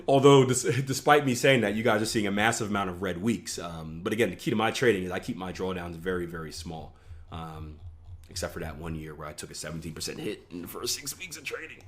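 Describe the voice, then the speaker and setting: A fast-talking trading coach with a low voice walks through charts over a screen share in a casual teaching session. He keeps it conversational, constantly checking in with "right?" and tossing in self-mocking asides.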